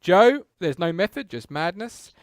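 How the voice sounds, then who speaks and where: A man's voice: high voice, sing-song, measured pace, dry recording. A man hosting a fan football show, teasing callers and swearing casually. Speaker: host.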